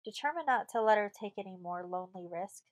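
A woman narrates an audiobook in a steady storytelling manner, her pitch sitting in the middle range. The recording is dry and close, with no room sound. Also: brisk, no room sound, rough recording. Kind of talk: scripted narration.

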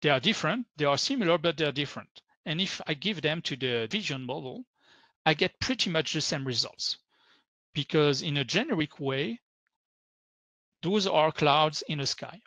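French-accented male presenter, lively tech talk, higher voice, dry sound. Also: normal speed, no room sound. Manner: upbeat, keeps saying super and so. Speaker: workshop presenter.

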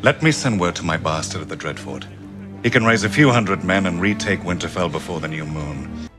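A cold, scheming lord who talks in a calm, measured tone. His voice sits low and level in a TV drama scene. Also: music in the background. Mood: calculating.

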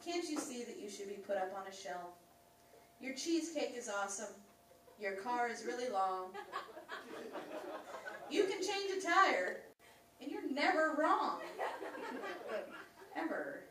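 A woman's voice: a little high, big pitch swings, a little slow, pauses often, fairly bright tone, roomy sound, far from the mic. A woman performing a crude, teasing rhymed roast poem at a comedy club, often laughing between lines.

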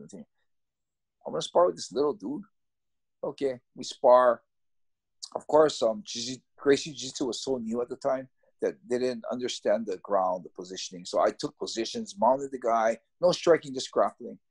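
A middle-aged man from the United States recounts his past in a relaxed, chatty way. His voice is husky and sits at an ordinary pitch. He slips into quoted dialogue, jumping higher as he acts it out. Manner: lively storyteller who acts out quoted dialogue; loose and conversational with fillers. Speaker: podcast guest. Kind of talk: personal storytelling.

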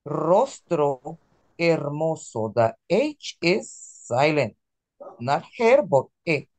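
Female teacher, lively and coaxing, drills pronunciation. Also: low voice, slow. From Latin America. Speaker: Spanish teacher. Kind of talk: classroom teaching.

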